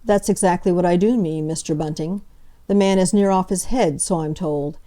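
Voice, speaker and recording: A woman voicing a slow, stolid young male detective with plain working-class speech. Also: on the low side, warm tone, natural voice. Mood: earnest.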